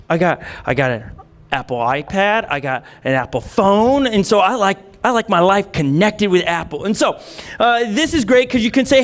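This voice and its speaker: High-voiced animated male preacher. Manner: animated, conversational, with playful asides and acted-out quotes. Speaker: pastor. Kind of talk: sermon. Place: church stage in front of a congregation.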